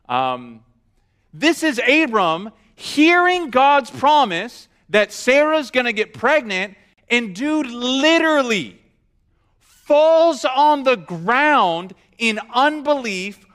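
A man's voice: high-pitched, clear, resonant tone. A man preaching a sermon, telling the story with humor and acting out the quotes. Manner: animated storyteller, acts out quotes. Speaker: pastor.

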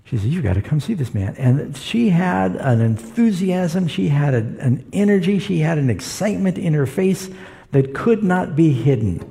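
Gravelly-voiced man preaching a sermon. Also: a little high, animated, normal speed, warm tone. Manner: storytelling, acts out quoted voices.

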